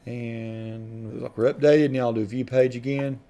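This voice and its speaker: A man's voice: mid-range voice, steady tone, moderate pace, warm tone, dull audio. A middle-aged man giving a casual screen-recording tutorial, folksy and rambling, often correcting himself mid-sentence. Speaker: video tutorial host.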